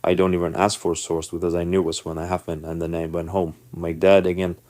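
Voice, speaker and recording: A man with a low, deep voice, recorded close and dry, telling a personal story to camera. He talks casually and with animation, slipping into the voices of the people he describes. English is not his first language. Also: little pitch movement, quick pace, warm tone, no room sound.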